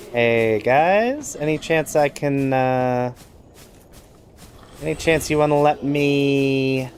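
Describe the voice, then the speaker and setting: A man's voice: medium pitch, a little hiss or hum. A man giving wry, self-mocking let's play commentary as he plays through a game. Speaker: gamer playing a randomizer.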